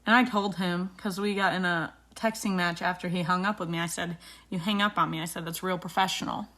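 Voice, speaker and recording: A woman's voice: lowish voice, brisk. Indignant woman vlogger telling a story. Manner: animated, indignant retelling of a dispute. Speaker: beauty vlogger. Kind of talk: casual storytelling while doing makeup.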